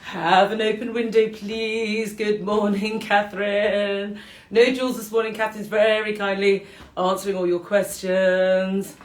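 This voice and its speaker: A woman's voice: medium pitch, little pitch movement, a little slow, echoey room. A British woman hosting a live-streamed morning qigong class at home, chatting casually and self-deprecatingly, often breaking into laughter. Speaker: qigong teacher and show host. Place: home room, with dogs around.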